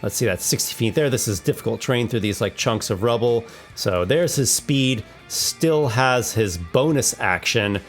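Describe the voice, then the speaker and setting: A man's voice: medium pitch, animated, moderate pace, hardly any pauses, soft background music. A man hosting a tabletop monster battle, narrating with enthusiasm and thinking aloud over the dice rolls. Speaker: host running a monster battle. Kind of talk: narrating a tabletop combat simulation.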